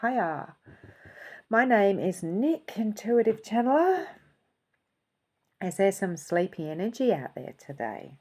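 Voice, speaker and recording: A woman with a slightly husky, breathy voice that sits on the low side gives a casual spiritual reading to camera. She chats loosely and thinks aloud as she works. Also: a little mellow. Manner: chatty, thinking aloud, yawning and laughing. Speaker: intuitive channeler and reader.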